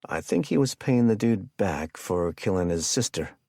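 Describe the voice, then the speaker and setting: Audiobook villain: chatty, casually menacing killer with a deep voice, as a male narrator puts him on; dry close recording. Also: animated, moderate pace, darkish tone, no echo. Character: jovial sadistic male hitman captor.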